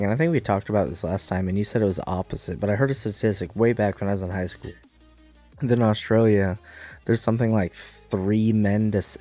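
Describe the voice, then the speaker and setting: A young American man streaming, chatting casually in a profane, rambling, animated way. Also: fairly low pitch. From United States. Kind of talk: casual chat while gaming.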